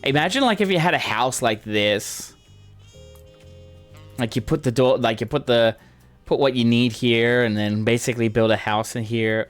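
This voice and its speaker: A man playing through a game and commenting casually, with excitable, gushing exclamations. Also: mid-range voice, unhurried, pauses often, smooth. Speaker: gamer streamer. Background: game music.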